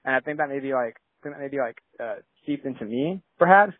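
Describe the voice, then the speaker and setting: A man's voice: medium pitch, lively intonation, brisk, no echo. A young man from San Diego, a filmmaker guest, talking casually and rambling with lots of "like" and restarts. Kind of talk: casual interview chat. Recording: tinny phone-like line.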